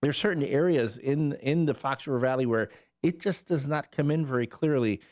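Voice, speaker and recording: A man hosting morning radio, chatting easily into a studio mic. His delivery is loose and conversational, full of little fillers and restarts, and his pitch sits at an ordinary middle height. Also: normal speed, a little mellow. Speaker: radio morning show co-host. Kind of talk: casual morning radio chat. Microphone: studio microphone.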